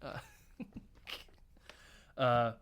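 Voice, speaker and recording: A man co-hosting a casual film podcast, retelling scenes in an animated way with quick impressions and frequent laughs. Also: muffled recording, a little hiss or hum. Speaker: podcast co-host.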